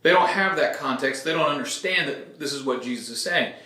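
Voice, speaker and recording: A man's voice: mid-range voice, fairly quick, pushed and bright. A middle-aged man, a pastor, walking through scripture in a casual, explanatory teaching style and often checking in with his listeners. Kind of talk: conversational Bible teaching. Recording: echoey room.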